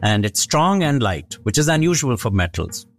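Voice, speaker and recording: A man interviewed as an expert, explaining history in a measured way. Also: medium pitch, big pitch swings, faint music behind.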